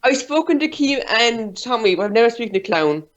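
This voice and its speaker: A man from Ireland with an Irish accent, calling into a live stream over Skype and rambling quickly with lots of swearing. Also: extremely high pitch, big pitch swings, a bit bright, lo-fi sound. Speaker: caller. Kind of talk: casual chat. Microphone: Skype call.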